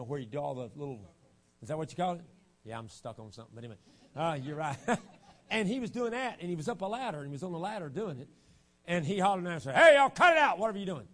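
A man preaching a revival sermon in a church, telling family stories in a folksy way and moving from quiet, low remarks to loud outbursts. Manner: storytelling, swings from hushed to shouting. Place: church sanctuary.

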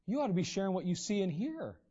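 A man's voice: high-pitched, big pitch swings, fast talker, dark tone. A man preaching a sermon in a conversational way, acting out the voices of the people he quotes. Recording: dull, lo-fi recording.

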